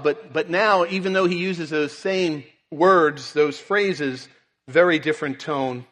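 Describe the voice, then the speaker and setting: A man's voice: high voice, fairly bright tone. A man preaching a sermon, earnestly reading and explaining scripture. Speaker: pastor. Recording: long reverb in a large hall.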